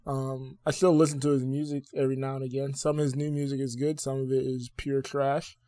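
A man's voice: medium pitch, flat delivery, brisk, dark tone, no echo, clean studio sound. A man in his twenties, co-host of a podcast, talking candidly in casual banter with fillers and easy laughter. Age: 20s.

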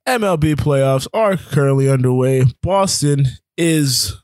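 A man's voice: a little high, a little slow, a little mellow, dry recording, studio quality. A man co-hosting a casual sports talk show, running through rankings and scores with lots of fillers. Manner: rambling, filler-heavy rundown of rankings. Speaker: sports podcast co-host.

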